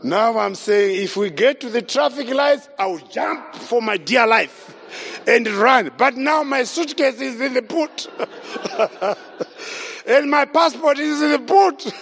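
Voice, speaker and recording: A high-pitched man preaches at a slow, deliberate pace and weaves his own story into the sermon. He repeats his key phrases and throws questions out to the congregation. His voice carries a long reverb, as if he is speaking in a big hall. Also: gravelly, a bit bright. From Zimbabwe. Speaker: evangelist preacher.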